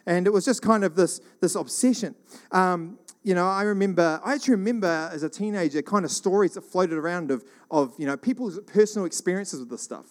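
A middle-aged man from New Zealand telling rambling church stories in a casual, animated monologue. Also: sits high, a little fast. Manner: rambling, animated, acts out quoted voices.

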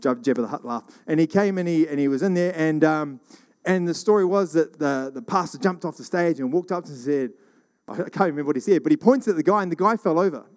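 A middle-aged man from New Zealand telling rambling church stories in a casual, animated monologue. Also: fairly high pitch, fast. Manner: rambling, animated, acts out quoted voices.

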